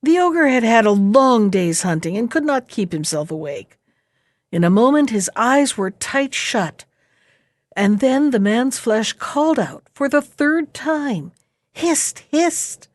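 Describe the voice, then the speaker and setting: Slow, dry-voiced woman reading a fairy tale. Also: a little high, lively intonation, no echo. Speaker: storyteller. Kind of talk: storybook read-aloud.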